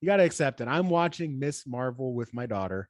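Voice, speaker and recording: Man, mid-pitched voice, laid-back podcast chat, dry close mic. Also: lively intonation, brisk, no echo. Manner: laid-back, trails off quietly, chuckles often. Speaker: podcast co-host, pastor. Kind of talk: casual chat.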